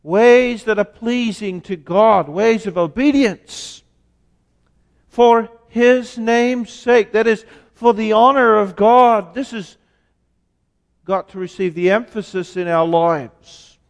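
Slow, deliberate preacher in a reverberant church. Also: male voice, sits high. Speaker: pastor. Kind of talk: sermon. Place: church sanctuary.

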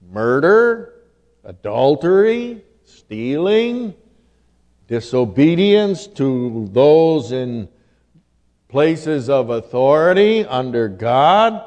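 Slow, emphatic male preacher. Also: mid-range voice, a little mellow. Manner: deliberate, emphatic, archaic scripture quoting. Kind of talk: sermon. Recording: long hall reverb.

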